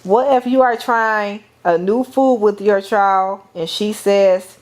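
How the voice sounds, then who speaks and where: A middle-aged woman lecturing at a slow, unhurried pace. Her pitch sits at an ordinary middle level, and she speaks deliberately, calling on the class and often circling back to repeat or restart a phrase. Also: fairly even intonation, a little mellow.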